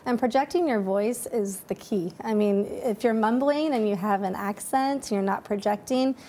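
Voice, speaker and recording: A woman who works as an accent coach, giving measured, explanatory interview answers that often start with "um". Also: medium pitch, warm tone.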